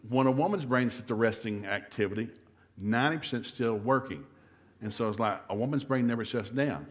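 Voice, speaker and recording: A middle-aged man with a Southern US accent, giving a humorous marriage seminar in a church and acting out the voices in his stories. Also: mid-range voice. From American South. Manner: fast-talking storyteller acting out quotes. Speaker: seminar speaker. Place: church hall.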